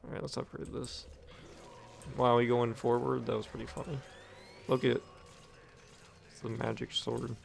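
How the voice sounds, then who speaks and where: A young man with a deeply gravelly, fry-heavy voice mutters and curses his way through a gaming session, offhand and profane. The recording from his home mic carries clear background noise and keyboard clatter. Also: flat delivery, normal speed, pauses often. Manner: profane, offhand, talking to himself. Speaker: gaming commentator. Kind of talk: casual gameplay commentary.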